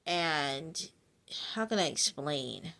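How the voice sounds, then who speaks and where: A woman with a low-pitched voice gives a casual prophetic reading to her viewers. She rambles in a chatty way, with frequent fillers and asides. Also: lively intonation, very slow, vocal fry, sharp tone. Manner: chatty, many fillers, addresses listeners as y'all. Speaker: spiritual message reader. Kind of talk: casual prophetic encouragement vlog.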